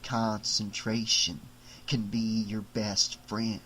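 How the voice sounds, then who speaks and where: A small, sinister male killer doll, as a man puts him on, muttering low and slow as he plots his way out. The voice sits deep and quiet, each word dragged out deliberately, with a menacing storybook edge. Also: little pitch movement, husky, full character voice, poor audio. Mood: scheming.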